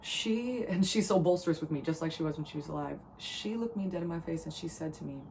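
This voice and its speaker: A young woman from New Jersey reads tarot and channels messages in a low, earnest voice. She gets emotional, restarts often and circles back to repeat herself. A faint hum of room sound sits underneath. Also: quick pace, darkish tone, low-quality recording. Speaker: tarot reader. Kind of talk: spiritual channeling reading.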